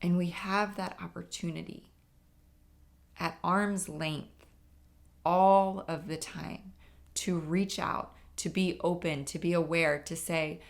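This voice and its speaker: A woman's voice: on the low side, steady tone, a little slow. A middle-aged woman hosting an impromptu solo podcast, telling stories in an earnest, emphatic way with asides to her listeners. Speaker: podcast host.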